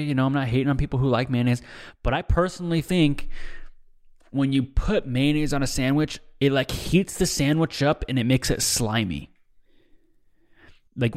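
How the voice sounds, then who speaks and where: A young man rambles through a loose solo podcast monologue in an ordinary mid-pitched voice. He swears often and drops "dude" and "bro" into nearly every thought, drifting from one gripe to the next. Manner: profane, rambling, says "dude" a lot. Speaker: podcast host. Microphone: desk mic, seen drinking on video.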